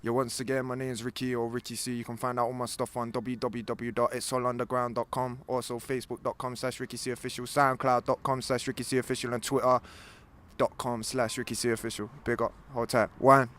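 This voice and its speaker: Man, Leicester accent, battle rapper, rapid-fire, street slang. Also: mid-range voice, flat delivery, a bit bright. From Leicester, England. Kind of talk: freestyle rap and shout-outs. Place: outside a music venue.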